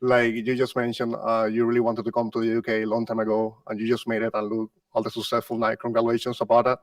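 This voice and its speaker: Male journalist, rapid and flat delivery; distant, dry press-room pickup. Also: mid-range voice, no echo. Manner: quick, flat, polite questioning. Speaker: wrestling journalist. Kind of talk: asking a press question. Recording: dry sound from a distant mic.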